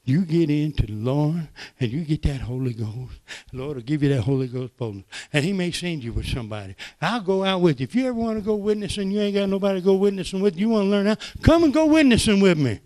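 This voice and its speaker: An older man preaching, telling folksy stories that swing from soft asides to loud exclamations. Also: on the high side, expressive, fast, few pauses. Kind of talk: sermon testimony.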